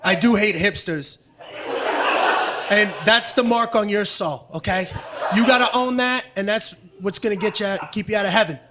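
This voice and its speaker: A male stand-up comedian with a very high-pitched voice, ranting in a brash, profane style. He works the room on a stage mic with clear audience noise behind him. The set is loose and combative. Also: normal speed.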